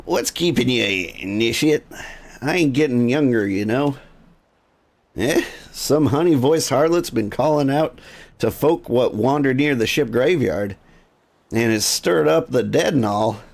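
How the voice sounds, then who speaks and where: A man's voice: medium pitch, animated, unhurried, vocal fry, pitched above the performer's own voice. A man voicing a grizzled old former sailor who grumbles in salty, slang. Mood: gruff. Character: grizzled old male ex-sailor, gruff and superstitious.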